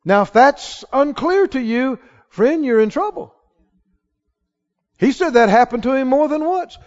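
A male pastor preaching a sermon to a congregation, emphatic and rising to shouts on key lines. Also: very high-pitched, expressive, unhurried. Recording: dull sound with long hall reverb.

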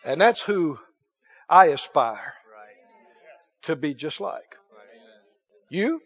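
A man's voice: on the high side, big pitch swings, very slow, pauses often, a bit bright, slightly rough, dull audio. A man preaching a sermon in a folksy, emphatic way, repeating phrases for effect. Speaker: pastor.

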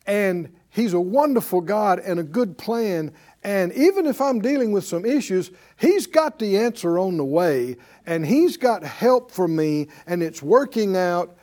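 A man's voice: sits high, darkish tone. A man preaching a sermon, who keeps quizzing his listeners with "Huh?". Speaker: preacher and Bible teacher.

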